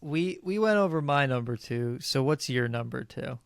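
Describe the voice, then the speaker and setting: A man co-hosting a podcast, chatting casually about films with a dry, teasing, deadpan manner. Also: medium pitch, normal speed, vocal fry, clear, resonant tone, no echo. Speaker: podcast co-host. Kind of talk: casual movie chat.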